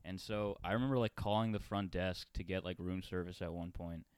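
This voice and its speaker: A man's voice: deep voice, steady tone, fairly quick, darkish tone, smooth, no echo. A man co-hosting a casual podcast from a bedroom, telling a rambling story with laughs and filler words. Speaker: podcast co-host. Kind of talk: casual chat.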